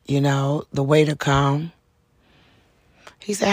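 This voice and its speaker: Gravelly, profane storyteller. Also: medium pitch, a little slow, no echo. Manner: profane, animated, lots of acted quotes. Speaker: podcast host and author. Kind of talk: casual storytelling monologue.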